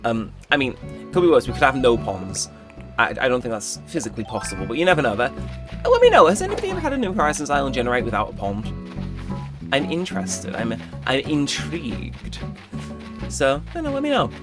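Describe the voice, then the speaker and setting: A young man chats casually while he plays, his voice swinging widely and suddenly jumping high when he jokes or protests. Game music plays clearly underneath his talk the whole time. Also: huge pitch swings, fast. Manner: chatty and joking, with sudden high-pitched exclamations. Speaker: gaming channel host. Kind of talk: casual gameplay commentary. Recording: game music playing behind.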